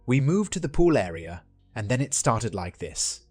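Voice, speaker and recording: A man narrating a first-person relationship drama in a steady scripted read. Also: medium pitch, moderate pace, husky, dry recording, faint music behind.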